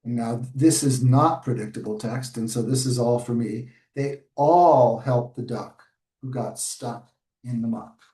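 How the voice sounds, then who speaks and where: A man, an early childhood educator, models reading a picture book aloud in a webinar, with lively asides and self-corrections. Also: mid-range voice, unhurried. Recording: roomy sound, distant from mic.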